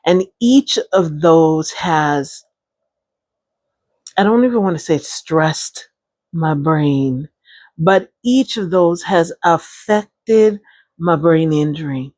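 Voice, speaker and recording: Slow, chatty woman telling her story. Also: low-pitched, no room sound. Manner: chatty and expressive, laughs often, addresses listeners as y'all. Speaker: vlogger sharing her brain injury recovery. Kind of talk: casual personal storytelling to camera.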